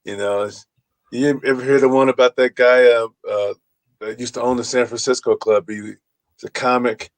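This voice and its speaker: A man's voice: mid-range voice, fairly even intonation, normal speed. A man hosting a casual talk show, telling anecdotes loosely, laughing and acting out quotes. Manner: loose, laughing storyteller who acts out quotes. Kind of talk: casual chat.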